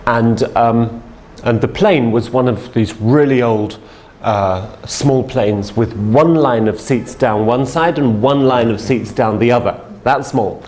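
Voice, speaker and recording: A man's voice: mid-range voice, slow pace, darkish tone. A man telling a story as a sales trainer, in a chatty way with many fillers and restarts. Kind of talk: storytelling lesson.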